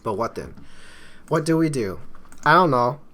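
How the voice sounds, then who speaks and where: A man's voice: mid-range voice, sing-song, moderate pace, sharp tone, voice pushed up. A man voicing a confused young man from a game who wants to escape, speaking in a hesitant, pleading way. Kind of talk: reading game dialogue aloud.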